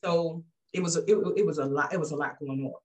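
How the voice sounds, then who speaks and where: A woman gives her church testimony as a guest, speaking fast in a casual, conversational storytelling style. She's animated, acting out quoted voices with big pitch jumps, and often restarts her sentences.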